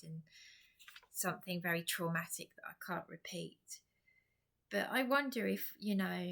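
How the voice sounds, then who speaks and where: A woman's voice: on the low side, fairly bright tone. An exhausted woman vlogger talking in a rambling personal monologue, repeating herself, restarting and dropping to whispers.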